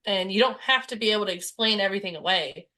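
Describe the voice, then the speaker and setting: A young woman co-hosting a podcast, chatting casually and retelling movie scenes with quick quoted voices. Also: medium pitch, bright, forceful tone. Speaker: podcast co-host. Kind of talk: casual chat about a movie.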